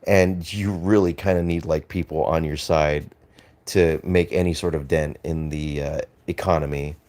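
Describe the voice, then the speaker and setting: Reading chat and replying on his live stream, the Australian man rambles and hesitates, restarting often, dropping fillers, swearing and laughing freely. He speaks at a moderate pace in a rumbling low, darkish voice with a steady tone.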